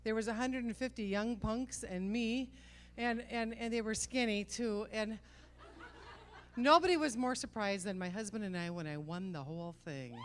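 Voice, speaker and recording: A woman's voice: a little high, moderate pace, noisy background. Punchy middle-aged woman doing stand-up. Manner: punchy self-mocking delivery with rhetorical asides. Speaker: stand-up comedian. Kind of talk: stand-up comedy set. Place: stage at a comedy night.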